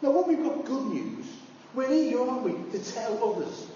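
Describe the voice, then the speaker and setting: A man preaching a sermon, animated, climbing high when he acts out voices. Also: moderate pace, slight background noise. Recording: far-off, echoey hall, dull sound.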